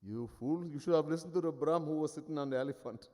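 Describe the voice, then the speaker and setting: A man's voice: on the high side, fast talker, mellow. A man giving a sermon as a spiritual teacher. He tells stories in an emphatic, wry way. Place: ashram hall. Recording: long hall reverb.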